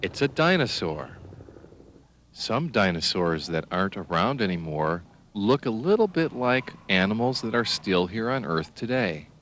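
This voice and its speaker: A man gently explaining animals and dinosaurs to young children. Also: lowish voice, very animated, measured pace, slight background noise. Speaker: children's video narrator. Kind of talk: teaching children about animals.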